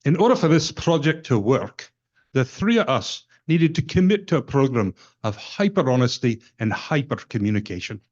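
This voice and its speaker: A man putting on a Scottish accent to voice an earnest Scottish gentleman presenting at a meeting, in dull lo-fi conference audio. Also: mid-range voice, big pitch swings, normal speed. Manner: brogue put on for a quoted story.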